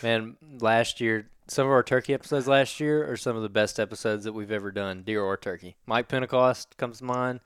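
A man's voice: mid-range voice, brisk, hardly any pauses, smooth, dry recording, clean studio sound. Jokey Southern podcast co-host, man. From Alabama. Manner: jokey, laughs easily, reads listener reviews. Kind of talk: casual podcast chat.

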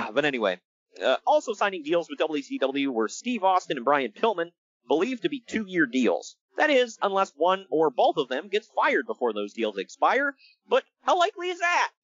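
Animated man chatting on a podcast. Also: a little high, normal speed, no echo, highs cut off. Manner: animated, exasperated, laughs often. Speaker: podcast co-host. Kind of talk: casual wrestling podcast chat.

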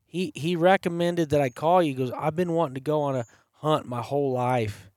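A man with a fairly high speaking voice tells a hunting story in a relaxed podcast chat, slipping into the voices of the people he quotes. The sound is dry and close, with no room around him. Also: fairly quick, dry recording. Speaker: podcast host. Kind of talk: casual storytelling. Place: campside.

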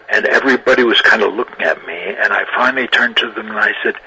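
An older man, an actor, telling lively anecdotes in an interview, often laughing and restarting his sentences. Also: on the low side, husky, rough recording. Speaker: actor guest. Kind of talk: interview storytelling.

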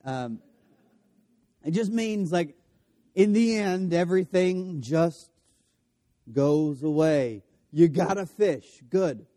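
High, mellow-voiced male pastor. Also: lively intonation, slow pace, long pauses. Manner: casual, self-correcting, with joking asides. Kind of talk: conversational sermon.

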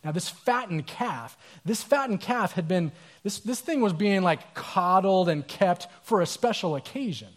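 Male pastor, sermon, casual, animated storytelling, slightly high voice. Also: unhurried.

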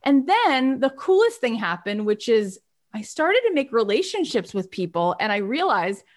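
A middle-aged woman, a songwriter and teacher, giving a motivational talk with animated storytelling. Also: fairly high pitch, moderate pace. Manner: animated storytelling, acting out past phone calls.

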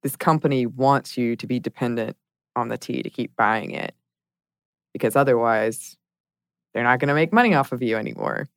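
A woman's voice: very deep voice, moderate pace, no room sound, clean studio sound. A woman co-hosting a podcast in casual chat, reflective and hedging, laughing often. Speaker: podcast co-host.

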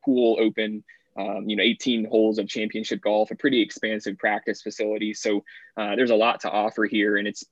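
Podcast guest: man, low and even voice, steady and explanatory, dull dry remote sound. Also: fairly quick, dry recording. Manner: steady, explanatory, frequent "you know" fillers. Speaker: assistant golf professional, guest. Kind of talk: casual podcast interview.

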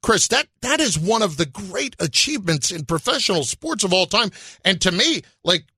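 A man co-hosting a sports talk show, building his case in an animated way. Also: high-pitched, moderate pace, husky, no echo, studio quality. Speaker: sports radio co-host.

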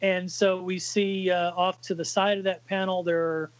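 High-voiced man, halting casual chat. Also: little pitch movement, dry recording, lo-fi sound. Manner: halting, with many fillers. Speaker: podcast co-host reading a comic aloud.

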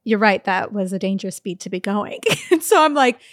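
A woman's voice: mid-range voice, animated, brisk, no echo, clean studio sound. A woman podcast co-host telling a story in casual chat, acting out the voices and laughing often.

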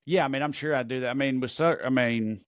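A man co-hosting a podcast in casual chat, answering in a halting, hesitant way. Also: mid-range voice, dry recording, studio quality. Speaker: podcast co-host.

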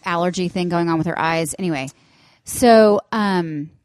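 A woman's voice: on the low side, normal speed, no room sound. A woman in her thirties co-hosting a casual chat, telling parenting stories and acting out what others say. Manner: animated storyteller, acts out shouts in quotes. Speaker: podcast co-host.

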